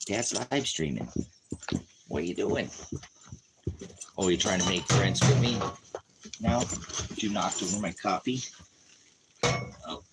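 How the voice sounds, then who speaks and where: Very low-voiced preacher rambling on a noisy stream. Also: male voice, expressive, slow, pauses often. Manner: rambling, joking, talks to his dogs. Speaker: street preacher live streaming. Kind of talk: casual live-stream chat. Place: at home with dogs around.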